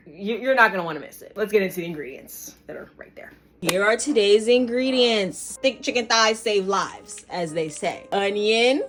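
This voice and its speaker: A woman hosts a laid-back cooking vlog, talking through each step of a recipe. Her delivery is playful, with joking asides to the viewers, and faint music plays underneath. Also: mid-range voice. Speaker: cooking show host.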